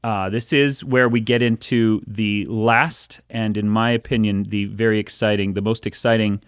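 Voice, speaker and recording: A man's voice: fairly low pitch, steady tone, moderate pace, clear, resonant tone, no room sound, studio quality. A man co-hosting a podcast, telling a history story in a casual, rambling way with fillers and a self-mocking humor. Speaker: podcast co-host. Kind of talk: casual chat.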